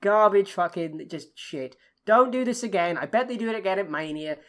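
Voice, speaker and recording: A woman's voice: lively intonation, moderate pace. A woman from the UK co-hosting a wrestling podcast, ranting in casual chat with lots of swearing and exasperation. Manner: sweary, exasperated, swinging pitch. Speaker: podcast co-host.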